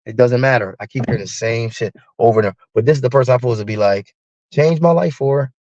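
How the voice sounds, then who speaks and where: A man's voice: mid-range voice, fast, dry recording, muffled recording. A man ranting in a profane, heated monologue, acting out both sides of an argument with a partner. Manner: profane, heated, animated storytelling. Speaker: live streamer.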